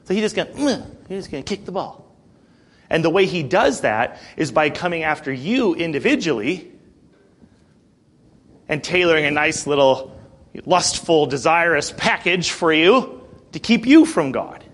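A man preaching a sermon, animated, swinging between quiet and loud delivery. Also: fairly high pitch.

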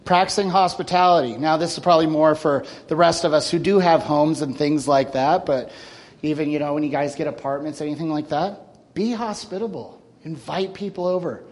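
A man in his thirties talks to his church group in an earnest, casual way. His voice sits a little higher than most men's. He speaks plainly and warmly to the young men in front of him, and his feeling shows through. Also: a little fast. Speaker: church member giving a farewell talk. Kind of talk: informal church talk.

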